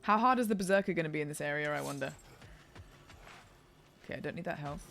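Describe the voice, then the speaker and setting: A young woman gives let's-play commentary, chatting and reacting aloud to what happens on screen. Her voice swings widely in pitch as she talks. A faint noise sits under the recording. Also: lively intonation, fast talker, vocal fry, fairly bright tone. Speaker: gaming streamer.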